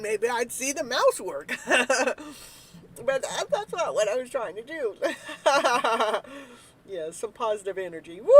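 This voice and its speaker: A woman hosting a live tarot reading stream, chatting casually, joking and breaking into whooping cheers, then dropping to soft murmurs. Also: fairly high pitch, slight background noise, rough recording. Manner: talks softly while eating, then bursts out loud. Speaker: live tarot reader and show host.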